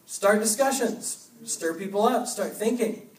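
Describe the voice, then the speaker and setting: A young man giving an energetic youth sermon, urging with short repeated commands. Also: high voice, unhurried. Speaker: youth pastor. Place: church hall. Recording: echoey hall, mic from a distance.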